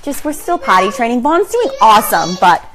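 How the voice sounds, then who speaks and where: A woman hosting a casual chat, laughing often as she tells funny stories and acts out a toddler's shouts. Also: a little high, big pitch swings, brisk, background noise. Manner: laughs often between sentences; amused, storytelling. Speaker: host.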